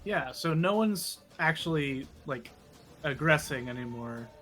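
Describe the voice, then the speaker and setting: Higher-pitched man player. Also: animated, a little slow, fairly bright tone, faint music behind. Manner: casual, hesitant with fillers.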